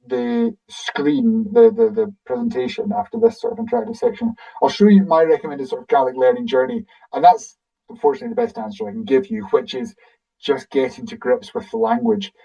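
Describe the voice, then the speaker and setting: A Scottish man with a fairly high, gravelly voice and a mellow tone, talking in a lively, up-and-down way as he answers questions. He thinks aloud as he explains, in a casual webinar style. The audio is dull and the mic sits some way from him, as on a video call. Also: normal speed, recorded from a distance. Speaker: guide presenting a webinar.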